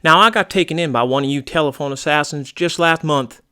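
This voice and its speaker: A brash, gun-loving country man, as a man puts him on, blustering and crude with a folksy drawl to his phrasing. The voice rides fairly high with a bright, forceful edge. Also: fairly quick, clean tone. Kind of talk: comedy sketch acting.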